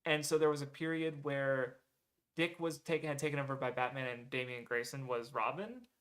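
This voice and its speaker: A man's voice: mid-range voice, moderate pace, a bit bright. A man talking casually to viewers, rambling with lots of "um" and "like", correcting himself mid-sentence and swearing now and then. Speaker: streamer reading viewer recommendations.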